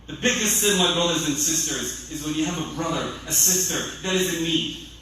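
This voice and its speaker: A man preaching a sermon as an imam, animated, acting out scolding voices of other people. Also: fairly high pitch, moderate pace, far from the mic, slight background noise. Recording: echoey hall, voice from off-mic.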